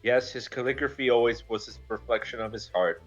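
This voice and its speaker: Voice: medium pitch, a little fast, close to an everyday voice. A player reading the lines of a young woman assistant in an earnest, accusing tone, over a dull mic with faint game music behind. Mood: reproachful.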